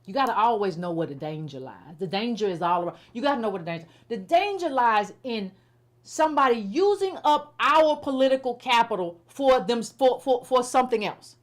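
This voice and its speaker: A woman's voice: fairly high pitch, expressive, fairly quick. A middle-aged woman commentator giving blunt, repetitive, exasperated criticism in casual, informal speech. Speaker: political commentator.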